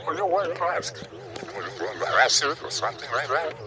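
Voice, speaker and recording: A man's voice: a little high, very animated, normal speed. Man in a noisy old radio sketch.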